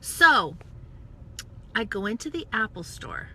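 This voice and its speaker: A woman from the United States telling a story in a casual, animated live stream, acting out voices and dropping into whispered asides. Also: mid-range voice, slow, slight background noise. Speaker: network marketing coach. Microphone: phone or webcam live stream.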